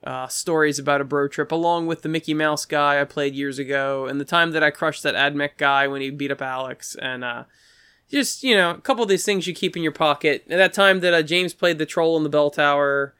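A man's voice: brisk, sharp tone, smooth, no echo, clean studio sound. A man telling a rambling story in casual chat, breaking into quoted voices now and then. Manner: rambling, acts out quoted voices with pitch jumps.

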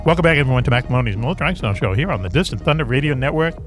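A man's voice: medium pitch, lively intonation, racing, music in the background. A man hosting a radio talk show in a rambling, jokey way, often tripping over his words. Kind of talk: casual radio chat.

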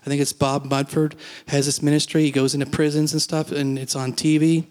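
Man preaching in a flat, folksy tone. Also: fairly high pitch, brisk. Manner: conversational, folksy teaching with asides. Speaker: pastor. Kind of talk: sermon.

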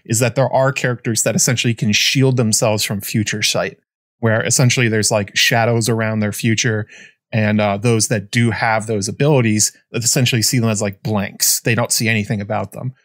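A man's voice: lowish voice, steady tone, no echo, studio quality. Man rambling in casual podcast chat. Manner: rambling, halting, with frequent fillers and restarts. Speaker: podcast host.

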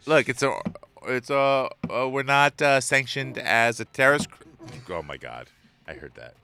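Animated, bright-voiced joking man. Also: medium pitch, unhurried, smooth. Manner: joking, profane, laughs often. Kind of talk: crude comedic banter.

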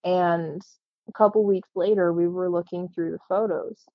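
A woman with a lowish voice tells a personal story in casual, halting speech, full of fillers. She sounds earnest throughout. The recording is dry and a little dull. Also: steady tone, no echo.

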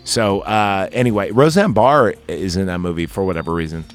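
Dude recapping a horror flick, swears a lot, goes squeaky when quoting people, bit of music behind. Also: male voice, normal speed. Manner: profane, rambling, jumps into squeaky quoted voices. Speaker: podcast host. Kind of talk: casual movie recap chat.

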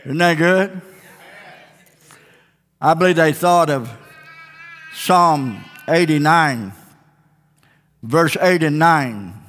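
A male pastor preaching a sermon with passion, swinging between loud declarations and quiet lines. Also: a little high, very slow, long pauses, in a large hall.

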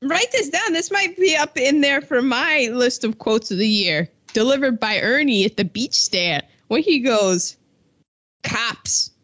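Animated woman in a lo-fi film chat. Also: high-pitched, normal speed, few pauses. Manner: animated, acts out quotes from scenes. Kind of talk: casual film-discussion chat. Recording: dull lo-fi recording.

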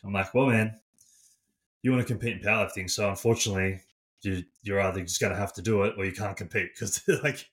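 Low-voiced man chatting casually. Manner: relaxed, quotes clients in a matter-of-fact way, swears casually. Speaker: strength coach co-host. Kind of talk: casual podcast chat.

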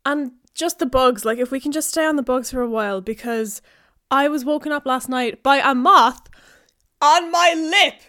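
A woman's voice: high voice, normal speed. A young woman hosting a podcast, rambling and giggly as she tells stories in a casual solo chat. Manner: giggly, rambling, animated storytelling. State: out of breath. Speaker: podcast host. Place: house in the countryside.

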